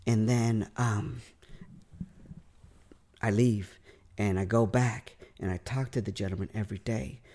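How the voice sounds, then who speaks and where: Gravelly male storyteller. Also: on the low side, unhurried, pauses often. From California. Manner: animated storyteller, repeats words, laughs at own punchlines. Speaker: podcast guest, comedian. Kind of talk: storytelling in casual podcast chat.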